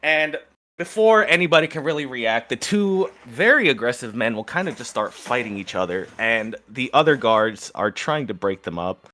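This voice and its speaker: Lively young game master narrating. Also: male voice, medium pitch, moderate pace. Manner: lively storytelling, slips into character voices.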